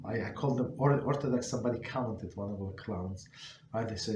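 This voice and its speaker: Man teaching, halting, in an echoey room. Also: lowish voice, background noise. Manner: halting, many fillers and restarts. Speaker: rabbi teaching a class. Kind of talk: informal Torah class.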